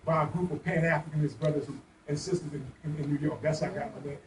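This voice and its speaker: A man's voice: on the high side, fairly even intonation, quick pace. Impassioned older New man. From New Orleans. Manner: impassioned, repetitive emphatic phrasing. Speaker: panel speaker, veteran activist. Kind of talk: panel discussion. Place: community bookstore room. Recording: echoey room, distant mic, faint noise.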